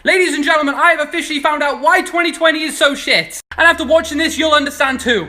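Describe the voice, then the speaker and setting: A man doing comic science commentary, excitable and sweary, breaking into shouted punchlines. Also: very high voice, fast, hardly any pauses. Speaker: social media creator.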